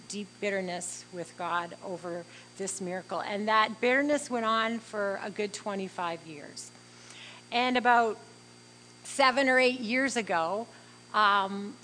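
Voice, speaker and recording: A woman's voice: medium pitch, fairly bright tone, a little hiss or hum, poor audio. A middle-aged woman telling a personal faith testimony in an earnest, heartfelt way, acting out bits of dialogue as she goes. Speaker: speaker sharing a faith testimony.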